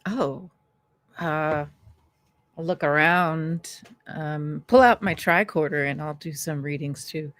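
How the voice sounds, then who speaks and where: A woman playing a tabletop role-playing game, talking in a chatty, giggly and expressive way. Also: deep voice, slow, no room sound. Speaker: player. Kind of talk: in-character tabletop play.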